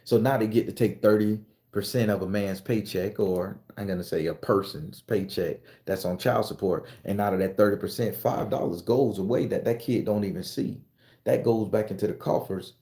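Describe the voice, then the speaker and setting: Male storyteller, mellow voice, roomy echo, acts out his characters with sudden high squeals. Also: normal speed. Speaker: commentator on social media channel. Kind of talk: animated storytelling monologue with profanity.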